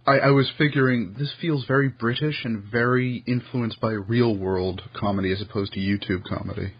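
Husky American male interviewer. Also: mid-range voice, fairly even intonation, moderate pace, lo-fi sound. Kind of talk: casual interview conversation.

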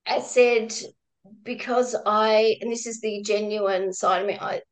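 A woman, a guest, telling a personal work story in a reflective, halting way with many restarts and some laughter. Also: medium pitch, fairly even intonation, poor audio. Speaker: guest, former crisis-line volunteer.

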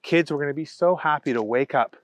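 A man reading a silly story aloud as a playful narrator, slowing down for comic emphasis. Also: a little high, no room sound.

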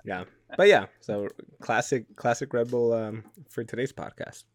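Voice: medium pitch, a little slow, no room sound. A podcast host chatting in a playful, teasing way. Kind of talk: casual podcast chat.

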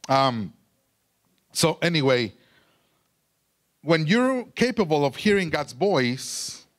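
Man, sermon, slow delivery, halting phrasing, searches for words. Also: mid-range voice, a bit bright. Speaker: preacher.

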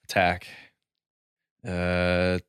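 A man with a lower voice plays a tabletop game, reading out his rolls and damage. He talks casually and swears at the dice, and his voice sounds dry and close. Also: completely flat delivery, extremely slow, fairly bright tone, clear, resonant tone, dry recording.

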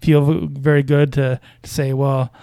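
A man's voice: mid-range voice, little pitch movement, a little slow, creaky, warm tone, no room sound. A man casually commenting on basketball news as a podcast host, with a hesitant, wry delivery full of fillers and small chuckles.

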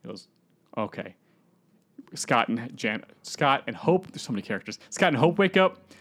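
A man co-hosting a casual podcast, walking through a film's story scene by scene. He keeps breaking into quick put-on voices for the characters. His pitch sits mid-range for a man. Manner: animated retelling, acting out characters' lines in put-on voices. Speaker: podcast co-host. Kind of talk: casual movie-rewrite chat.

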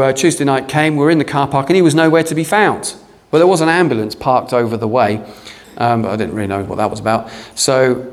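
A man preaching from the pulpit with a mid-pitched, ordinary voice. He tells his story in an animated, self-deprecating way and acts out each person's lines. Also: big-room sound. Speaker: pastor. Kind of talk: storytelling sermon.

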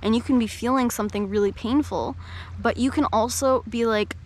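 A woman coach and podcast host giving a reflective talk in a gentle, slow, soothing way. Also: on the high side, a little hiss or hum.

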